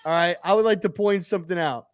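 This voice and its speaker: A man's voice: high voice, quick pace. A man co-hosting a sports talk show, teasing his partner and interrupting to push back on his claims. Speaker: sports podcast co-host. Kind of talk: casual sports debate.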